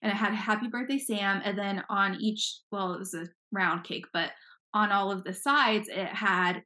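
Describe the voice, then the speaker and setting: A woman's voice: mid-range voice, fairly even intonation, normal speed, sharp tone. A young woman co-hosting a podcast, telling a story in casual chat, swearing freely and filling her talk with "like". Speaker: podcast co-host.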